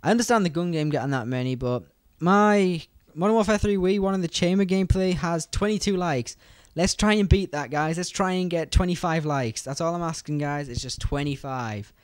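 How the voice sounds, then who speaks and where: A young British man giving fast, rambling gameplay commentary and talking straight to his viewers. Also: on the high side, clear, resonant tone, dry recording, clean studio sound. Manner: fast, rambling, chatty, addresses viewers directly. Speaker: gaming YouTuber.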